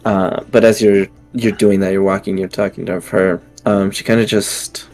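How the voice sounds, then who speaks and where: A young man as game master narrating a scene, halting and full of fillers. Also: sits low, level tone, a little mellow, faint music behind. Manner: hesitant, many fillers and restarts.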